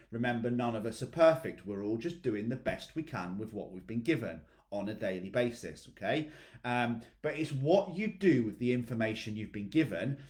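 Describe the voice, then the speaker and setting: Male fitness coach with a blunt, motivational delivery who swears and keeps asking "okay?". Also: mid-range voice. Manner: addresses clients by name.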